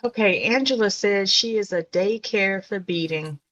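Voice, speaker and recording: A woman's voice: mid-range voice, normal speed, fairly bright tone, no echo, dull audio. A woman co-hosting a casual beading livestream, reading out viewer comments and chatting with her co-hosts. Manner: friendly, reads out viewer comments. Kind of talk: casual chat.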